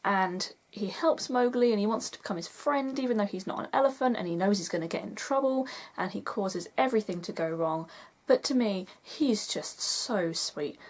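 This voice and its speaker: A woman's voice: mid-range voice, moderate pace. A young woman vlogging in a chatty, enthusiastic way, gushing as she counts down a list. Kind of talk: casual vlog countdown.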